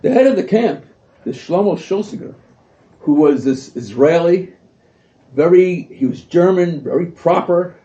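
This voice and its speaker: A man giving an animated storytelling speech at a community event, acting out the voices he quotes. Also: sits high, measured pace. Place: event hall. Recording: echoey room, far from mic, dull lo-fi.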